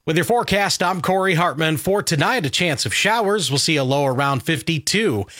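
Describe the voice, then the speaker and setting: A man reading a local radio weather forecast, upbeat and lively. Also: fairly high pitch, a little fast, music in the background.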